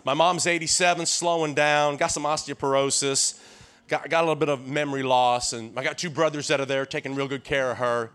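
Man in his 60s, tennessee accent, guest preacher, sermon, high-ish voice, rousing call-and-response. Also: a little fast, clean tone. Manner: lively call-and-response, keeps urging the crowd on; folksy storytelling with frequent restarts.

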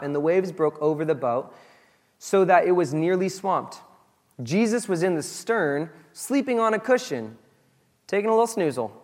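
A man preaching a sermon in a casual, conversational way, moving between loud excited asides and soft, low reflection. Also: long reverb tail. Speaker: pastor.

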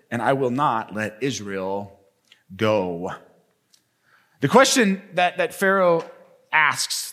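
Animated male pastor preaching. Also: fairly high pitch. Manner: animated, acts out the story characters in voices. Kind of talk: sermon.

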